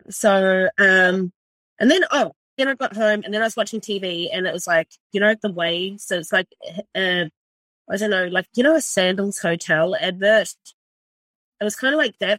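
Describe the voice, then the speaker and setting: A woman's voice: mid-range voice, a bit bright, dry recording. A woman in her forties from New Zealand, with a New Zealand accent, telling her story as a chef in a blunt, swear-filled, casual way, full of "like". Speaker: chef and restaurant owner.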